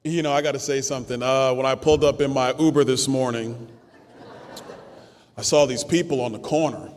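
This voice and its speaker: A man's voice: mid-range voice, steady tone, brisk. A congressman from Brooklyn giving a political rally speech, telling stories in a conversational, punchy and rousing way at a podium microphone in a hotel ballroom. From Brooklyn, New York. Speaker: congressman speaking at a summit. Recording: long reverb of a large ballroom.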